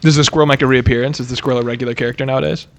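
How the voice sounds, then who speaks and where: A man's voice: mid-range voice, fairly even intonation, racing. Playful man hosting a podcast. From Alabama. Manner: leading questions, playful. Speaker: podcast host. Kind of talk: casual podcast chat.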